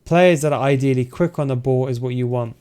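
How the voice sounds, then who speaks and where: A man's voice: medium pitch, fairly quick, a little mellow, clean tone. A man losing his voice, explaining game tactics step by step in a casual spoken tutorial and talking straight to his viewers. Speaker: video game tactics coach.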